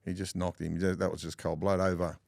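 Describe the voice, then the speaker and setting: A man's voice: low-pitched, little pitch movement, a little fast, creaky, a little mellow, dry recording, clean studio sound. A middle-aged man with an Australian accent, telling blunt, profane stories as a guest in a casual interview.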